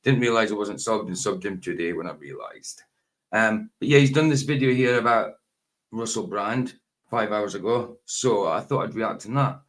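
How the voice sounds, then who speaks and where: A man's voice: fairly low pitch, normal speed, fairly bright tone. A man in his forties, hosting a casual late-night reaction video in a rambling, self-correcting, chatty way. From Scotland. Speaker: YouTube reaction host.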